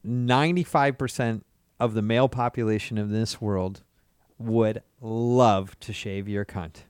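A man's voice: on the low side, fairly even intonation, unhurried, a little mellow, clear, resonant tone, dry recording, clean studio sound. A man hosting a podcast with laid-back, crude, teasing banter. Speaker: podcast host. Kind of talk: casual chat.

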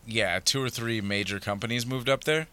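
A man telling stories as a podcast guest, animated and acting out quoted lines. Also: medium pitch, normal speed, clean tone. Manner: animated storyteller, acts out quotes. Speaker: podcast guest, adult film performer. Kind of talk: casual chat.

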